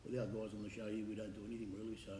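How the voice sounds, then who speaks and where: An Australian man fires off rapid banter on a live racing stream, calling everyone mate. His voice echoes around a roomy hall, and a crowd chatters behind him. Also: lowish voice, level tone.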